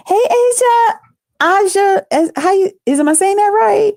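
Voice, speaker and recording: A woman's voice: very high voice, lively intonation, a little slow, vocal fry, darkish tone, no echo, clean studio sound. A woman hosting a casual live stream, talking loosely with lots of profanity and greeting viewers by name. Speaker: livestream host.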